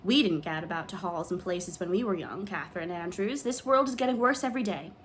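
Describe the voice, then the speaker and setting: A woman's voice: fairly low pitch, a little fast, a little hiss or hum, natural voice. A woman reading an audiobook, voicing a grim, pessimistic woman of fifty-seven who talks with scorn. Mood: sour. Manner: scornful, grumbling.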